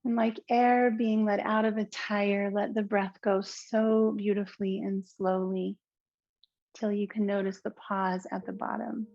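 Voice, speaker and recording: A woman yoga teacher giving slow, soothing, gentle cues through relaxation and breathing. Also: medium pitch, level tone. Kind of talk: guided yoga and relaxation instruction. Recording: slightly muffled recording with soft instrumental music.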